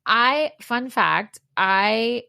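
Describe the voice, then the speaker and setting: A woman co-hosting a podcast in casual chat, teasing her partner with quick, animated reactions. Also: a little high, creaky, smooth, no echo. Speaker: podcast co-host.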